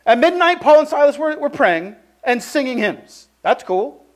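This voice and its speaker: A man with a strikingly high voice preaches in an easygoing, chatty way. He fills his sentences with "like" and tells stories with animation. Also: normal speed. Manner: conversational, heavy use of "like", animated storytelling. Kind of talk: casual sermon with personal story.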